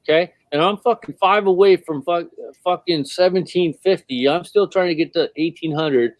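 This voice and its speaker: A man's voice: on the high side, normal speed, no echo. A man co-hosting a casual livestream, blunt and teasing, swearing often. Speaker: livestream co-host.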